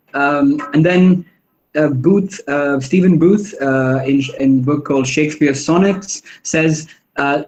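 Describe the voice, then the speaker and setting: A man giving an academic lecture on poetry in a thoughtful, halting way, with many fillers and restarts, slowing down to stress words. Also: fairly high pitch, darkish tone, lo-fi sound. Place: online workshop session.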